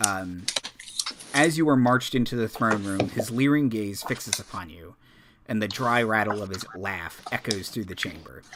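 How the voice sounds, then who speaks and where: A man narrating a tabletop game as game master, unhurried and dotted with fillers. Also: lowish voice, noisy background.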